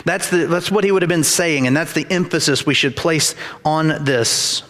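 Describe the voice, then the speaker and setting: A man's voice: fairly high pitch, normal speed, hardly any pauses, a bit bright. A man preaching a sermon as pastor, emphatic and repetitive, with dramatized quotes. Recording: reverberant hall.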